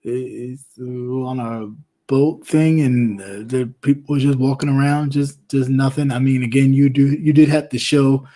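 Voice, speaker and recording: A man in casual chat, telling a story with lively acted-out voices. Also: medium pitch, unhurried. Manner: animated storyteller, acts out quoted voices. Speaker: co-host.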